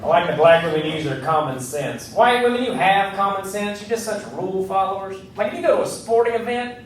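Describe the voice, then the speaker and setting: A man's voice: sits high, brisk, noisy background. A man doing a stand-up comedy set on a club stage, with a brash, punchy delivery and voices for the people he quotes. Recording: roomy club recording from a distance with crowd. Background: audience laughter.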